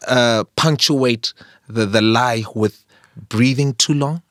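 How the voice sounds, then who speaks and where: A middle-aged man from Zimbabwe co-hosting a podcast, telling stories in a measured, careful way. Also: mid-range voice, fairly bright tone, dry recording, clean studio sound. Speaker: podcast co-host. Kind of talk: casual chat.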